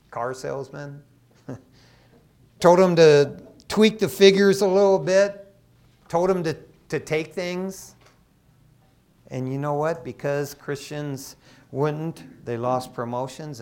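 A middle-aged man from Michigan, an associate pastor, preaching a sermon in a casual, storytelling way with lively asides. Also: fairly high pitch. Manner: conversational, animated storytelling with asides.

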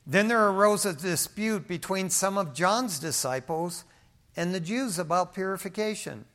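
Male pastor, slightly higher voice, sermon delivery with dynamic hushed-to-loud swings, conversational storytelling. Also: moderate pace. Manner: preaching with big swings in volume, from hushed to emphatic; telling everyday stories with light humor.

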